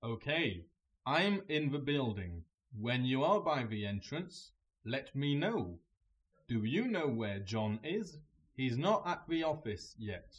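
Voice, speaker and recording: A man voicing a male office worker arranging a meeting, reading a scripted learner dialogue clearly and deliberately. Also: mid-range voice, very animated, lo-fi sound.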